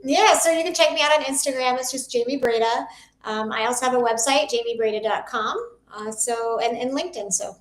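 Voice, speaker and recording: A woman educator speaking as a panel guest, reflective and measured as she recalls her teaching years. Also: a little high. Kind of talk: casual panel talk. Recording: roomy echo.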